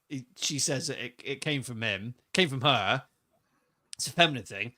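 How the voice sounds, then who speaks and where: A man's voice: mid-range voice, normal speed. A man co-hosting a wrestling podcast, chatting casually and telling stories in a rambling, joking way. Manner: rambling, joking, animated storyteller. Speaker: podcast co-host.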